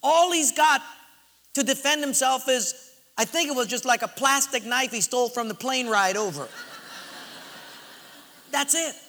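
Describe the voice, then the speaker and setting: A male pastor preaching a sermon, telling stories dramatically and swinging between loud bursts and hushed asides, with hall reverb. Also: extremely high pitch, a little slow, long pauses.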